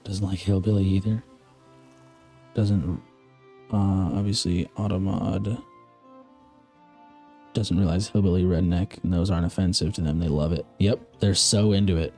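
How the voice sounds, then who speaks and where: A man's voice: sits low, fairly even intonation, moderate pace, long pauses, mellow, soft background music. A man from the American Midwest streaming a game, chatting casually and rambling while answering his chat. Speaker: live streamer.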